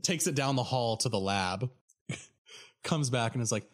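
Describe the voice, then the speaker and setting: A man's voice: medium pitch, normal speed. A young American man telling a story on a podcast, laughing and apologizing often while he has the hiccups. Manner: giggly, apologetic, rambling. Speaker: podcast co-host. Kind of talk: casual storytelling chat.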